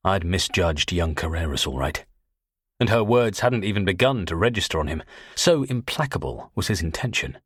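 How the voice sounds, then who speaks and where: A man reads a first-person thriller audiobook in a very deep, husky voice, tense and measured. The sound is dry and close, with no room around it. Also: expressive, a bit bright, no room sound. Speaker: audiobook narrator.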